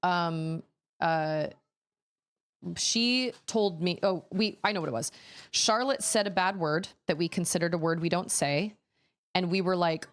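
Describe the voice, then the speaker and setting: A woman streamer in her thirties, chatting casually and telling an exasperated, rambling story full of quoted back-and-forth. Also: low-pitched. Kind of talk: casual chat while gaming.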